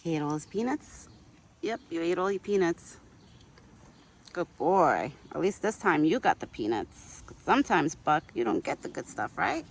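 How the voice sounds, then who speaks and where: A woman's voice: fairly low pitch, sing-song, moderate pace, vocal fry. A woman vlogging outdoors in a yard, chatting casually and baby-talking to a deer she feeds. She grew up speaking Italian. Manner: coos and baby-talks to the animals. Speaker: vlogger feeding a wild deer. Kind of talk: casual outdoor vlog chat.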